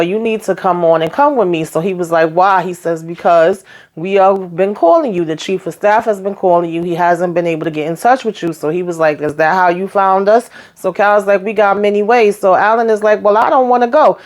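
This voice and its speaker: A woman hosting her own recap channel, chatting casually and folksily, calling her listeners child and honey and acting out the characters' lines. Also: on the low side. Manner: acts out the characters' lines in quick voices.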